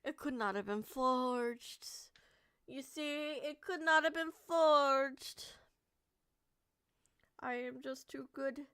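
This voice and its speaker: A woman's voice: high voice, steady tone, slow pace, long pauses, a bit bright, dry recording, clean studio sound, pitched above the performer's own voice, exaggerated voice. A woman putting on a smug, haughty male prosecutor with a put-on British accent, speaking in a pompous, self-satisfied way.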